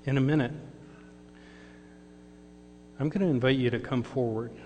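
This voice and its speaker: A man's voice: medium pitch, normal speed, mellow. A man giving a sermon testimony, storytelling and acting out the dialogue. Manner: storytelling, acts out quoted dialogue. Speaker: lay speaker giving testimony. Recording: reverberant hall with mains hum.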